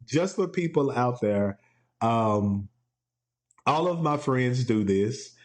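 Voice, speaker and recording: A man's voice: mid-range voice, expressive, slow. Playful man, solo podcast chat. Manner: playful, laughs often, quotes TV clips in put-on voices. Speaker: podcast host. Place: home.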